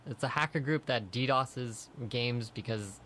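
A man's voice: medium pitch, sharp tone, slight background noise. A young man co-hosting a radio talk show, casually presenting news items and moving the chat along. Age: young adult. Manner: brisk, moves the talk along to the next topic.

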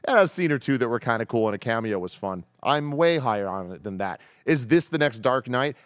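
A man co-hosting a casual movie review podcast, talking with animated enthusiasm and getting loud on the high points. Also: fairly quick, clear, resonant tone, dry recording, studio quality. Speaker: podcast co-host.

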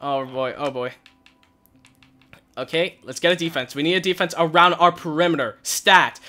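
Bright high-voiced excitable man gaming. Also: moderate pace. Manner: nervous, shouts and cries out in panic. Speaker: gaming channel host. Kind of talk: excited gameplay commentary. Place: hot room at home. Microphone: headset.

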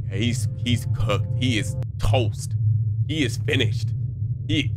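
A man's voice: mid-range voice, slow. A young man giving jokey commentary on a horror game, reading its dialogue aloud. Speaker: gaming commentator. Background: game music.

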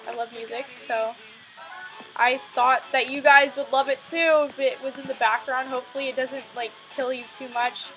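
A woman's voice: sits high, flat delivery, normal speed, a bit bright, rough recording. A young woman hosting casual gameplay commentary, rambling and playful with frequent giggles. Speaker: gaming channel host. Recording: faint background music under the voice. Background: music playing in the background.

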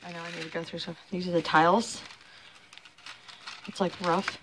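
A woman's voice: on the low side, little pitch movement, moderate pace, very noisy. A woman chatting to viewers in a casual home vlog, filmed on a handheld phone. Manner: chatty, talks to viewers as guys. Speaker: family vlogger. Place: home indoors. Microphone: handheld phone camera.

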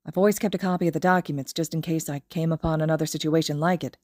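A woman reading the lines of a weary, protective young man in a fan audiobook, in a low, troubled tone. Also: fairly even intonation, racing, a little mellow, dry recording, clean studio sound. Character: young adult male hero, weary and protective.

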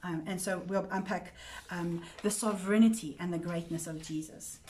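A woman's voice: lowish voice, steady tone, moderate pace, a little mellow. A woman teaching a Bible study to a women's group in an earnest, conversational way, often repeating words and checking in with her listeners. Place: church women's group meeting.

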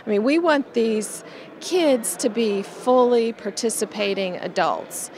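A woman's voice: on the high side, lively intonation, unhurried, background noise. Earnest woman legislator interviewed. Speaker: legislator, bill sponsor. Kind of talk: interview comments.

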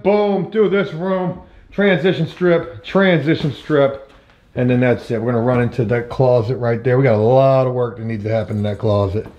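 A man's voice: on the high side, roomy sound, highs cut off. Chatty, cussing renovation vlogger guy. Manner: chatty, profane, self-mocking. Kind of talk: casual vlog narration while working.

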